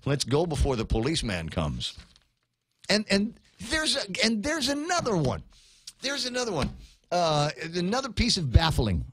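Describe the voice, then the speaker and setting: A man hosting a talk radio show, ranting in a casual, animated way and restarting his sentences often. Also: sits high, normal speed, husky.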